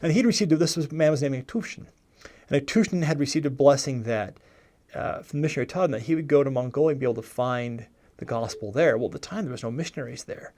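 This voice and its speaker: This is casual storytelling from a man in his forties in the United States who used to be a missionary. His mid-range voice is warm and quick as he drifts through his life's events, frequently revising what he just said.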